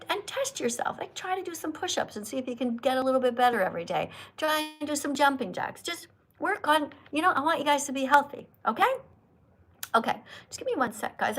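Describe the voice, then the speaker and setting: Animated teacherly woman streaming live. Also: fairly high pitch. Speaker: livestream host. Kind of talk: casual livestream chat. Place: Italy.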